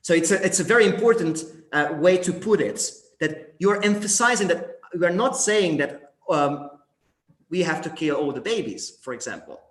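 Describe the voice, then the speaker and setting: A man's voice: on the high side, expressive, normal speed, a bit bright, roomy sound. A man with an Argentine Spanish accent leading an English workshop on debate phrases, hesitant with many fillers and often checking with the group. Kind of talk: teaching debate phrases in an online class.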